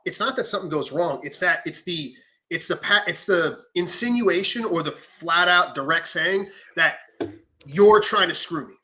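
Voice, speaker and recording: Animated, bright-voiced man telling stories. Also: on the high side, moderate pace, rough recording. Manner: animated storytelling with profanity and acted-out quotes. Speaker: knife maker. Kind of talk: casual podcast chat.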